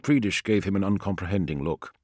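A man reading a sci-fi novel aloud as narrator, with an expressive storytelling delivery. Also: sits low, brisk, dry recording, studio quality. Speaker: audiobook narrator. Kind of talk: scripted narration.

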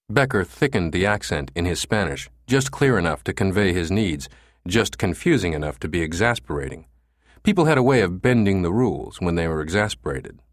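Deep voiced guy reading an audiobook, steady pace, dry close sound. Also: fairly quick, dry recording. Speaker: audiobook narrator. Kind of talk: scripted narration.

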